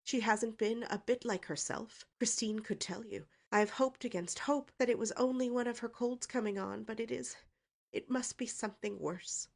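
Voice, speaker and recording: A woman's voice: on the high side, normal speed, creaky, voice pushed up. A woman doing a tearful, moaning mother. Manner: sobbing, moaning. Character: anxious, tearful middle-aged mother.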